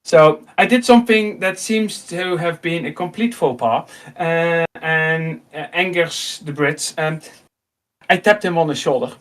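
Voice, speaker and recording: A man in his thirties with a high voice and a Dutch accent, telling a story in relaxed chat. He jumps into the voices of the people in the story and laughs often as he goes. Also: a little slow. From Netherlands. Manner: animated, acts out dialogue, laughs often. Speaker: host.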